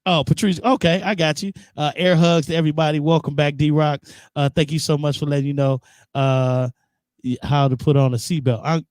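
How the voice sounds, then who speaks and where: A man's voice: fairly high pitch, darkish tone, no room sound, studio quality. A man guest-hosting a live internet radio show, chatting casually and reading out viewer comments. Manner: laid-back, reads out viewer comments. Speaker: guest host.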